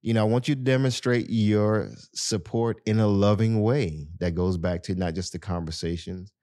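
A man's voice: lowish voice, steady tone, normal speed, warm tone, dry recording, clean studio sound. A man hosting a podcast, talking casually and earnestly to his listeners with lots of "you know". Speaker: podcast host. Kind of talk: casual advice talk to listeners.

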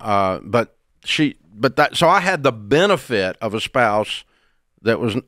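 A man's voice: on the low side, sing-song, measured pace, fairly bright tone, no echo, clean studio sound. An older man hosting a call-in advice show, speaking in a blunt, folksy, plain-spoken way. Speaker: radio show host. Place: radio studio.

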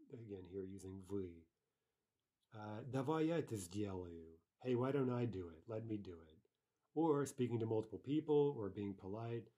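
In a low, mellow voice touched with huskiness, a male language teacher works through a grammar lesson. Every rule gets a patient explanation, and each example is read out more than once.

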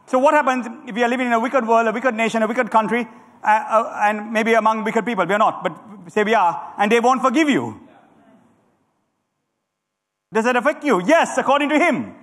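A middle-aged man preaching a sermon as a pastor, animated and calling on the congregation to answer back. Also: very high voice. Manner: animated preaching with audience call-and-response. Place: church hall. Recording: church hall with long reverb.

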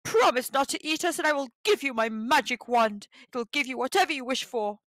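A woman's voice: high voice, lively intonation, fairly quick, a bit bright, no echo. Timid male snow creature, trembling and pleading, storybook voice, put on by a woman reader. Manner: trembling, begging.

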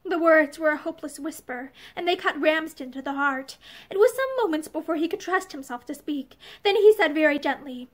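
A woman reading a novel aloud in measured storytelling, indoors in a room with bookshelves. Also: high-pitched, lively intonation. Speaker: audiobook reader.

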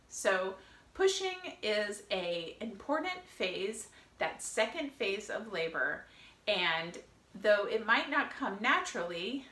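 Woman, birth educator, friendly lively lesson, crisp bright voice, roomy echo. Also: medium pitch. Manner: friendly, lively, with fillers and laughs. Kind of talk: educational video talk.

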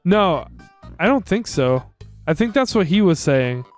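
A man's voice: high voice, sing-song, unhurried. A young man bantering and teasing while co-hosting a video game playthrough. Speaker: let's play co-host. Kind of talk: casual gaming commentary. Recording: game music behind.

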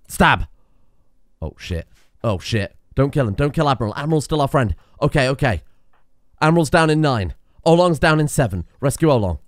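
Young male gamer, lively swooping voice, dry close mic, excitable, cursing commentary. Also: fairly high pitch, normal speed, pauses often, dry recording. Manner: excitable, swears, laughs at disasters. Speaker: gaming video host. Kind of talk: casual let's play commentary.

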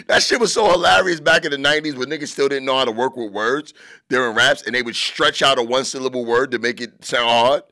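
A man's voice: medium pitch, fast, pushed and bright, no echo. A man hosting a podcast alone, a comedian giving crude, joking commentary from his own studio. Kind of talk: casual podcast monologue.

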